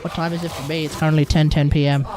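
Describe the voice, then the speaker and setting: A woman's voice: low voice, level tone, quick pace, darkish tone. A young woman livestreaming, teasing and joking with a friend in casual chat and swearing freely.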